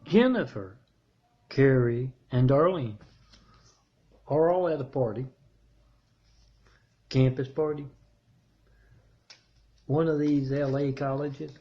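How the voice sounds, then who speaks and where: Husky man rambling through a story. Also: mid-range voice, muffled recording. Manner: meandering, halting, with frequent restarts. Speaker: self-made video preacher.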